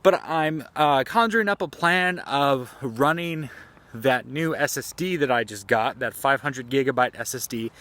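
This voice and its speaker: A man in casual vlog mode, recorded outdoors on a phone held out at arm's length. He rambles in a chatty, self-deprecating way and sounds slightly out of breath. His voice sits at an ordinary middle pitch for a man. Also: unhurried, fairly bright tone. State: a little out of breath. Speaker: gaming YouTuber. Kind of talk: casual vlog talk to camera. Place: outdoors at dusk, near trees.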